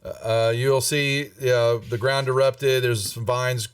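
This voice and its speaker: Acting as dungeon master in a live tabletop session, this man talks loosely and relaxed, rambling with lots of fillers and restarts. His medium-pitched voice is slow and clean, in a dry, studio-quality recording, though captured on a distant mic with music behind.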